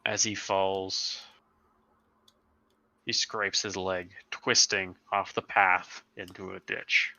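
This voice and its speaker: A man narrating as game master in a tabletop game, setting scenes slowly and descriptively. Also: low-pitched, level tone, vocal fry, sharp tone, no echo.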